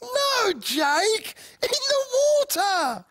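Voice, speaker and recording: Brief: squeaky, excitable little girl puppet with a lively, bouncing voice, dry booth. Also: extremely slow, heavily acted. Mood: excited. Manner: bubbly, excitable. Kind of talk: children's TV puppet show.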